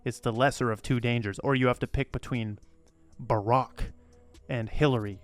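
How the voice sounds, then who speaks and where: A man hosts a crypto channel, talking to camera in a casual, emphatic way while faint music plays behind him. His voice sits at medium pitch and moves at a moderate pace as he rambles, repeats himself, speaks bluntly and swears freely.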